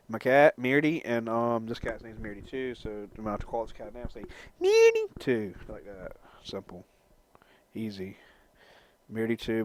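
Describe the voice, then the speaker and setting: A man's voice: lowish voice, slight background noise. A man swearing his way through a ramble. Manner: profane, joking, rambling. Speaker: vlogger. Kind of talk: casual rambling vlog talk.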